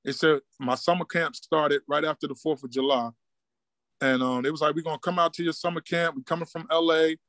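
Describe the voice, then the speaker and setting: A middle-aged man from Newark, a basketball coach telling stories in a relaxed street style and acting out what people said. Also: a little high, fairly quick, no room sound. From Newark, New Jersey. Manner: laid-back street talk, acts out quoted dialogue. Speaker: high school basketball coach, guest. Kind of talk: casual storytelling interview.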